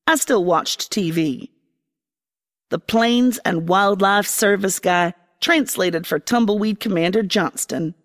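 A woman narrating a first-person fantasy story in an expressive, dramatic way. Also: mid-range voice, slow pace, in a large hall. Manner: expressive, dramatic, voicing a young girl.

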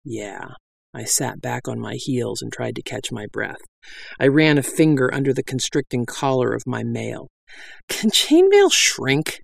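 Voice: medium pitch, steady tone, moderate pace, vocal fry, dry recording. A reader narrating a comic fantasy tale in a dry, wry storytelling style. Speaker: audiobook narrator.

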